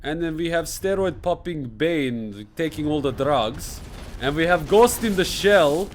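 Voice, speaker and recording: Ein Mann spielt einen spöttischen Russen mit gebrochenem Englisch. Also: male voice, a little high, animated, a little slow, slight background noise. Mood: mocking. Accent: put-on Russian. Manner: broken English, mock-proud remarks. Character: joking Russian man reacting to a trailer.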